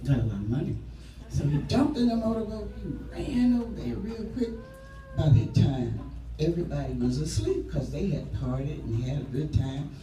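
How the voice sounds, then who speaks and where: A man telling a story live to children, lively and drawing them in with call-and-response. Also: fairly high pitch, moderate pace, noisy background. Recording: echoey room from far off, music behind.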